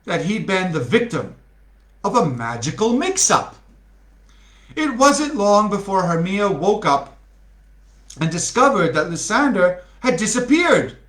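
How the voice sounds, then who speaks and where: Male storybook reader, slow and lively, bright tone, chatty asides, echoey room. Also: high voice. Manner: chatty, laughing asides to listeners. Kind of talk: read-aloud storytelling with asides.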